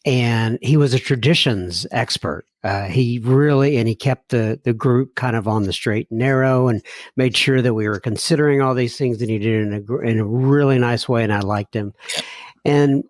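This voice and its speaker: A man hosts a recovery podcast and recalls stories slowly and reflectively. His voice sits at a middling pitch and he often searches for his words. The recording is dry and close. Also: no echo. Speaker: podcast host.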